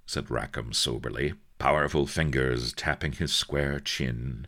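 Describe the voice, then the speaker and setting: Deep-voiced man reading a comic tale. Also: measured pace, gravelly, hardly any pauses, sharp tone. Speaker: reader. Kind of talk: comic storybook narration.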